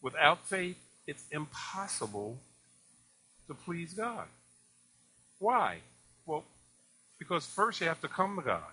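A man preaching with lots of animation, firing rhetorical questions at the congregation. His voice sits a bit high and rings bright. It rises and falls widely as he tells stories. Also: big pitch swings, slow pace, pauses often, slightly rough. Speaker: pastor. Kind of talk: sermon.

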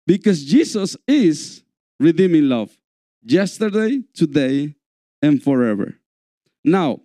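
A man preaching a sermon in a church, slow and repetitive, calling out for amens. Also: sits high, dark tone, no echo, studio quality. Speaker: pastor.

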